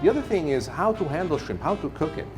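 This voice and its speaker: A man's voice: fairly high pitch, lively intonation, quick pace, over music. Man presenting a cooking show. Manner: warm, theatrical and self-amused, drawing out words. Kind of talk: cooking demonstration to camera.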